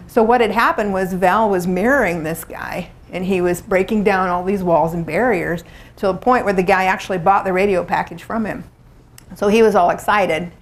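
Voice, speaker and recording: A middle-aged woman presenting a workshop to a live room, talking in a chatty, conversational way and acting out little quotes. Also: mid-range voice. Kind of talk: live seminar talk to a room.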